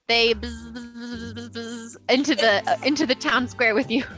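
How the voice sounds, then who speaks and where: A woman narrating a tabletop role-playing game as game master, voicing many characters in an animated way. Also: fairly high pitch, moderate pace, faint music behind.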